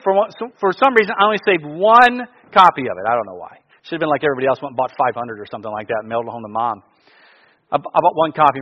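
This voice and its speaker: A middle-aged male pastor telling stories in a sermon, jumping from loud bursts down to quiet, hushed asides. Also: on the high side, highs cut off.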